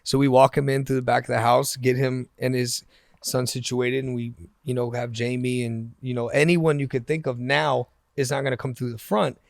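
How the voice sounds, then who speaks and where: A man's voice: medium pitch, flat delivery, moderate pace, vocal fry, no echo, clean studio sound. A man being interviewed on a podcast, telling stories animatedly and acting out the dialogue, often laughing as he talks. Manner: acts out quoted dialogue in his stories. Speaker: interview guest. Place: podcast studio.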